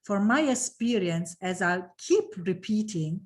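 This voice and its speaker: Slow, emphatic woman trainer. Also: medium pitch, lively intonation. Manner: emphatic, repeats phrases, emotional about her subject. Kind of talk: online training session.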